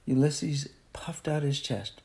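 A man narrating a children's novel aloud in an expressive, unhurried way. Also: on the high side. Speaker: audiobook narrator. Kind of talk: storybook narration.

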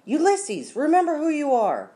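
A woman's voice: high voice, huge pitch swings, normal speed, dark tone, pitched above the performer's own voice. A woman doing a bold, determined young girl. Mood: urgent.

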